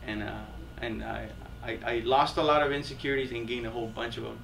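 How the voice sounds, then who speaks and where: A man talking casually and haltingly about himself, with a self-mocking touch. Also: mid-range voice, steady tone, creaky, fairly bright tone, a little hiss or hum. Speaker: comedian guest. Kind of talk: casual chat. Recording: distant mic.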